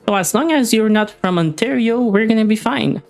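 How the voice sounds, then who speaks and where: A young woman from Quebec with a Quebec French accent, chatting casually with her stream, often pausing on "uh" and "um". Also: a little high, lively intonation, gravelly, a little mellow, faint music behind. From Quebec, Canada. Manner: hesitant, many "uh" and "um" fillers. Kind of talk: casual chat with live chat while gaming.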